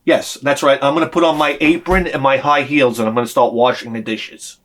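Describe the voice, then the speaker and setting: A man's voice: mid-range voice, fairly even intonation, a little fast, fairly bright tone. A man telling an exasperated, profane story in a sarcastic comic rant on his vlog. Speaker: vlogger.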